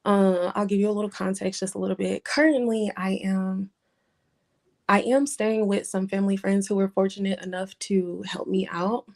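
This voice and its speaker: A young woman in her twenties with a slightly gravelly, fry-touched voice. She speaks haltingly, filling gaps with ums, sounding close to tears as she asks for advice. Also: mid-range voice, little pitch movement, a little mellow. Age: 20s. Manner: hesitant, halting, many ums and pauses. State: holding back tears. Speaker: caller seeking advice. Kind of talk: emotional personal call-in.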